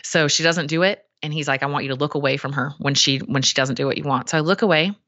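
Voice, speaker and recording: A woman, a coach and guest, telling a story in a chatty, animated way with many fillers. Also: deep voice, quick pace, dry recording, dull audio. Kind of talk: casual storytelling.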